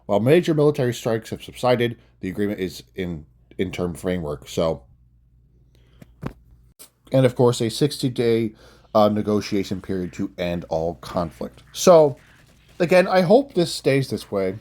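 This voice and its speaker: A man's voice: fairly low pitch, sing-song, normal speed, darkish tone. A young man ranting casually and bluntly into his phone, swearing often and making mocking asides. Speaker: commentator. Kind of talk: casual political rant.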